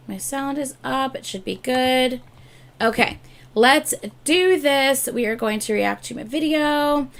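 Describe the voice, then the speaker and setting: A woman hosting a casual live stream, chatting and gushing excitedly as a fan. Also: medium pitch, takes it slowly, creaky. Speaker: streamer reacting to videos. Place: home room at a desk chair.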